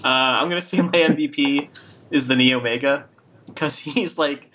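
A man's voice: a little high, normal speed, background noise. A man hosting a casual podcast chat, laughing often and joking with his co-hosts. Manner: laughs often, loose and jokey. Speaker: podcast host.

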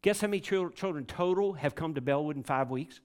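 A man's voice: fairly high pitch, fairly quick. A man, a pastor telling a story in a sermon, rambling and repeating himself with many restarts.

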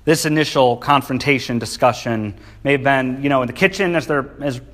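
A man's voice: medium pitch, brisk, a bit bright. A male preacher giving a sermon, speaking emphatically and reading scripture with feeling. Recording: long hall reverb.

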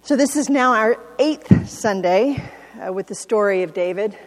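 A woman's voice: medium pitch, lively intonation, moderate pace, in a large hall. A woman pastor delivering a reflective, earnest sermon to her congregation. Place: church sanctuary.

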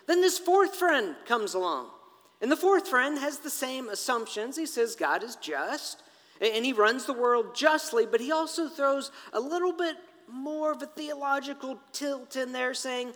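A man preaching a sermon in an animated, conversational way, turning often to the congregation with asides. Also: very high-pitched, unhurried, big-room sound.

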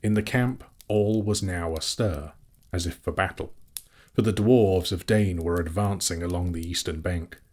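A man reads a fantasy novel aloud in a steady storytelling manner. His voice is very deep and noticeably husky. The delivery is scripted narration throughout. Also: normal speed. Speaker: audiobook narrator.

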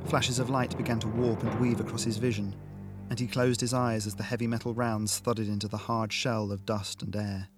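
A man reading an action science fiction audiobook in a steady, dramatic narration style. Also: lowish voice, moderate pace. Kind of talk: scripted narration. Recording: music bed under narration.

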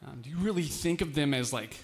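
A man's voice: fairly high pitch, fast talker, slightly rough, in a large hall. A man preaching an informal, conversational sermon, with fillers and self-deprecating asides. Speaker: pastor.

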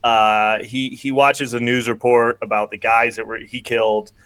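A man with a middle-pitched voice recapping a film on a podcast, rambling and filling every pause with "like". The sound is dry and close. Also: flat delivery, fairly bright tone, smooth, no room sound. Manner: rambling, heavy on "like", quick bursts. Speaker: podcast host. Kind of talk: casual chat recapping a film.

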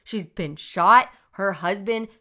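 Bright-voiced woman retelling a story. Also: medium pitch, slow pace. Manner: retells events casually, full of "like" fillers. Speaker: podcast host. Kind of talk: casual storytelling.

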